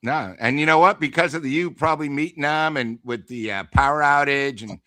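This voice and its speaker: A man's voice: on the high side, brisk, pushed and bright, dry recording, clean studio sound. A man hosting a casual sports chat, talking in a friendly, earnest way over a video call. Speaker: host.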